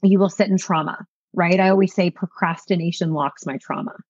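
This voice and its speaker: Woman, podcast guest, animated, earnest, husky, slightly low, dull dry recording. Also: fairly quick, no echo. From Greater Toronto Area, Canada. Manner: animated, earnest self-help talk. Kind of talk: casual conversational interview.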